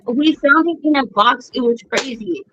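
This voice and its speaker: A woman's voice: high voice, lively intonation, normal speed, fairly bright tone. A middle-aged woman hosting a podcast, telling family stories bluntly with plenty of swearing. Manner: blunt, profane storytelling. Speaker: podcast host. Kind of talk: casual chat. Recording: dull lo-fi sound.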